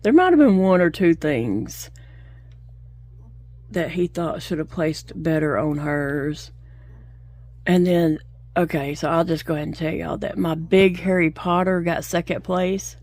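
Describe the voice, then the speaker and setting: Crocheting at home, this middle-aged woman vlogger tells stories and chats casually, laughing frequently. She speaks a little slowly in a lowish, slightly mellow voice.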